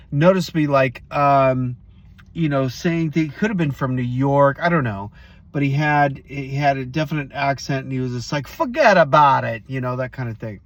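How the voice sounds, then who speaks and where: Casual storytelling male host. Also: mid-range voice. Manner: casual, storytelling, addresses viewers directly. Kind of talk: motivational vlog talk.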